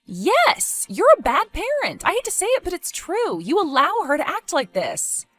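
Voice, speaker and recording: A woman voicing an anxious young woman babysitting her boyfriend's daughter, pleading and quick to raise her voice in an animated story. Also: a little high, no echo, soft background music. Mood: exasperated. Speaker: stepmother-to-be left babysitting.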